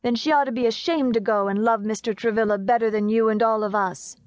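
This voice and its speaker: A woman voicing an excitable young boy who protests vehemently in an audiobook story. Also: fairly high pitch, brisk, no room sound, pitched above the performer's own voice, close to an everyday voice. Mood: indignant. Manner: vehement pleading outbursts.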